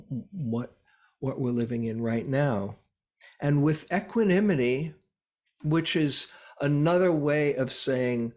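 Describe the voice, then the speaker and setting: A man giving a Buddhist dharma talk as a meditation teacher, reflective and unhurried, pausing often with soft fillers. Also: medium pitch.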